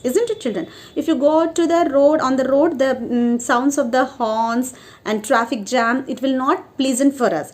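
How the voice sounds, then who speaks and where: Woman, high voice, sing-song primary-school teacher on an online class. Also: darkish tone. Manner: sing-song, keeps asking "isn't it, children?". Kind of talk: online class lesson for children.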